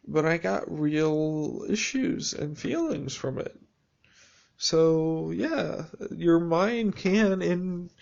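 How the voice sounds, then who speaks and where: A man speaking a reflective, halting personal video journal monologue, with restarts and dry sarcasm. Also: a little high, creaky, a little mellow, lo-fi sound.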